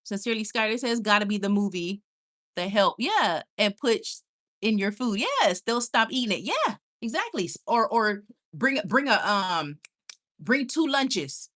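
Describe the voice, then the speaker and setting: A young woman with a mid-range voice runs an informal live stream, voicing viewers' remarks as she reads them. She responds expressively and emphatically, laughing at the slightest prompt and repeating phrases often.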